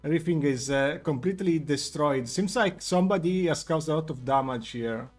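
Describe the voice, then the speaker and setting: Hesitant male game master over soft music. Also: on the high side, brisk. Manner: hesitant, many fillers. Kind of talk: narrating a tabletop game.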